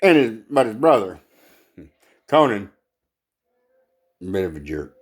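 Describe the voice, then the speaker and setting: A man doing stand-up comedy in a low voice, laughing at his own lines. He talks slowly and haltingly, with plenty of fillers between jokes. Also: sing-song, slightly rough.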